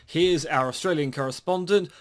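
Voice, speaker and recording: A man's voice: on the high side, normal speed. Mock-stern male podcast anchor. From New Zealand. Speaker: podcast host. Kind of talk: scripted comedic news anchoring.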